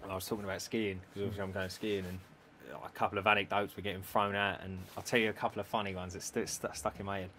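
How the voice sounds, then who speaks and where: A man's voice: sits low, flat delivery, very fast, sharp tone, a little hiss or hum. A young man co-hosting a podcast, telling funny stories in slangy casual chat and laughing often. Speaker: podcast co-host.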